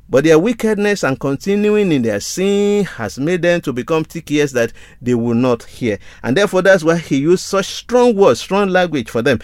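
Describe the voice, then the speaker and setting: Guy preaching a sermon, kinda high voice, earnest, repeats stuff a lot, dry close mic. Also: no echo. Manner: earnest, reads scripture in old-fashioned wording and repeats phrases for emphasis.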